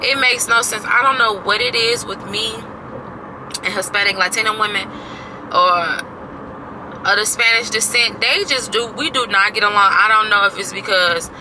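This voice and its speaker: A woman's voice: mid-range voice, normal speed, noisy background. A woman in her thirties casually venting to her camera, exasperated and emphatic, repeating herself and swearing freely. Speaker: vlogger.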